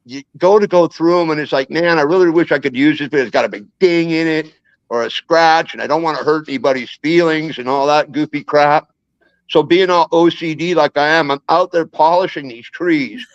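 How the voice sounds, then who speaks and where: A man's voice: a little high, no echo. A man telling rambling, jokey stories in a casual chat as a guest. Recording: dull lo-fi dry sound.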